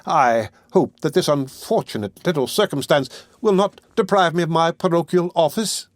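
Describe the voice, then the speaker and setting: A pompous, indignant parish beadle, as a male reader puts him on, blustering loudly and pitched well above the reader's own voice. The recording is dry and close. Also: moderate pace, no echo, lightly acted.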